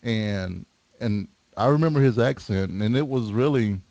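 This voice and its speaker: An American man co-hosting a podcast, chatting in an animated way and laughing easily. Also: lowish voice, measured pace, vocal fry, dry recording, muffled recording. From United States. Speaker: podcast co-host. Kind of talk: casual podcast chat.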